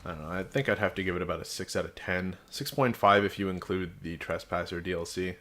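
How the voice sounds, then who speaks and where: Deep-voiced, sarcastic man reviewing a game. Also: quick pace, bright, forceful tone. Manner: frank and sarcastic, with dry jokes. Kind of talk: casual video game review.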